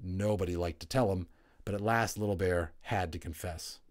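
A man narrating a children's novel aloud in an expressive, lively storytelling manner. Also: low-pitched, normal speed. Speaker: audiobook reader.

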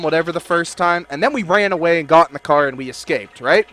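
A man doing let's play commentary, loud and joking, swearing and talking back to game characters. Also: fairly high pitch, big pitch swings, normal speed, hardly any pauses. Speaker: gaming video creator.

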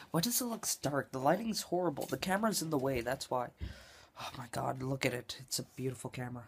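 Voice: mid-range voice, fast, a little hiss or hum. Tired, rambling young vlogger. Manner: rambling and scatterbrained, jumps from loud outbursts to mumbled asides. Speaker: gaming vlogger. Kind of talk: casual rambling vlog to camera. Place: dim room at home.

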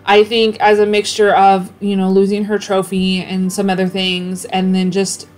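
A woman's voice: medium pitch, monotone, moderate pace, a little mellow, soft background music. A woman in her thirties, a mother and cleaning vlogger, chatting casually in a voice-over and getting emotional as she talks.

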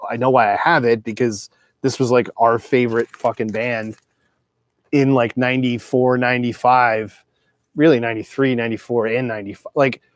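A man's voice: medium pitch, dry recording, clean studio sound. Profane, rambling middle-aged man. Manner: profane, digressive, loose with filler words. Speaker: record collector showing his records. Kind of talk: casual rambling monologue.

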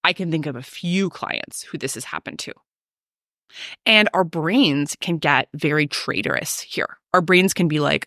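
A woman's voice: low-pitched, a little slow, pushed and bright, dry recording, clean studio sound. A woman hosting a solo podcast, coaching her listeners in an emphatic, ranty way.

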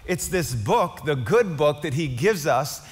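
A male pastor preaching with fervent swings between loud climaxes and hushed conversational asides. His voice sits high for a man. The sound carries the long reverb of a large church hall. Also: expressive, a little slow. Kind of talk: sermon.

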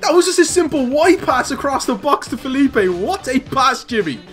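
Excitable young man commentating gameplay. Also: extremely high pitch, moderate pace, soft background music. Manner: excitable, shouts and laughs at goals. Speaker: gaming YouTuber.

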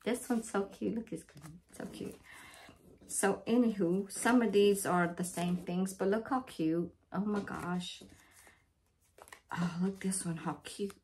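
A woman's voice: medium pitch, slow pace, a little mellow, slight background noise. A woman, opening birthday mail in a casual vlog, gushing and repeating herself as she talks to viewers. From Louisiana, USA. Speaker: crafting channel vlogger.

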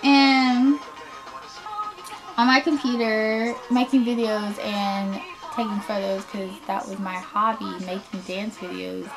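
A young woman telling a storytime vlog, animated and sassy, laughing often, recorded on a laptop webcam at home. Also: medium pitch, slow, music in the background. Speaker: vlogger.

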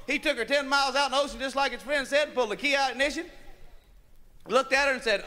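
Male stand-up comic, high voice, profane and rowdy, on a crackly live-club record. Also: fast talker, pushed and bright. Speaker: stand-up comedian. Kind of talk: crude stand-up comedy. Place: nightclub stage. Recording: live club audience, noisy vinyl.

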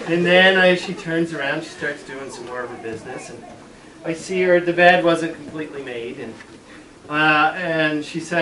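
A man's voice: a little high, normal speed, a crowd in the background. A middle-aged man, a school superintendent, telling a playful story to a class of children and acting out the voices. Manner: playful, dramatic, acts out voices. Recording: echoey room, mic far off, children around.

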